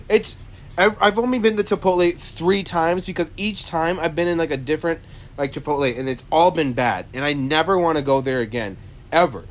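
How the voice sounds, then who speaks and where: A man's voice: fairly high pitch, fairly quick. A man co-hosting a casual chat who rambles and complains in an exasperated way, full of "like" and restarts. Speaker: co-host.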